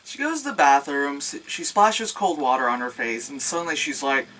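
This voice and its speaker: A woman's voice: deep voice, moderate pace, very noisy. A woman giving a casual, sarcastic movie recap, swearing freely. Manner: animated, sarcastic, swears freely, acts out scenes with yelps. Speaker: movie reviewer.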